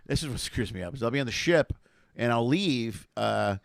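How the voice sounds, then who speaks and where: A man's voice: mid-range voice, moderate pace, vocal fry, no room sound. A man hosting a casual comedy chat, telling stories with lots of quoted voices. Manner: storytelling, animated quoted voices, laughing. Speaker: comedy show host.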